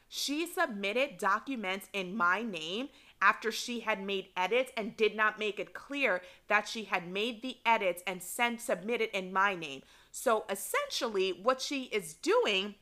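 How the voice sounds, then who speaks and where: Bright-voiced, animated woman storyteller. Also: a little high. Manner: animated, indignant, quick retelling with laughs. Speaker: podcast host telling a story. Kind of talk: casual storytelling.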